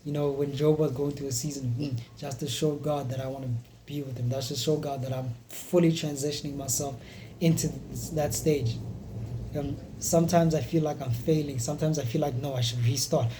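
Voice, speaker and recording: Young man in his twenties, warm dark voice, blunt and profane, confessional vlog, faint background hiss. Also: on the high side, little pitch movement, a little fast. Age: 20s. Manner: frank, profane and emotionally raw.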